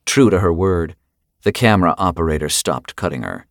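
A man narrating a dark audiobook chapter in a grave, measured manner. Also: low-pitched, expressive, dry recording, clean studio sound. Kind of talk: scripted narration.

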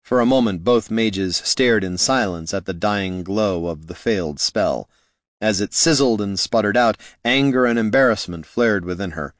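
A man narrates a fantasy novel in a steady, measured way. His voice sits low. The recording is close and dry, with no room sound. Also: no room sound. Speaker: audiobook narrator.

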